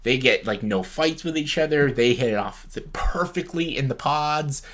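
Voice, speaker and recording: A man's voice: mid-range voice, lively intonation, moderate pace, fairly bright tone. A young man vlogging casual commentary on a reality show, talking bluntly with lots of swearing and exasperation. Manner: blunt, heavily profane, exasperated ranting.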